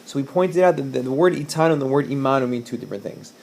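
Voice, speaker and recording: A male teacher with a gravelly edge to his mid-pitched voice walks through a text, reading Hebrew verses aloud and translating them phrase by phrase. His delivery is casual, with fillers and restarts. A faint hiss sits under the recording. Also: rapid-fire, a little mellow. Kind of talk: recorded whiteboard lesson.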